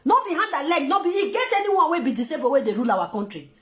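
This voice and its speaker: A Nigerian woman speaks with fervent, emphatic commentary, asking rhetorical questions. Her voice sits high and swings widely in pitch. The recording carries a noticeable room echo. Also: big pitch swings, quick pace. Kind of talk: passionate commentary in Pidgin.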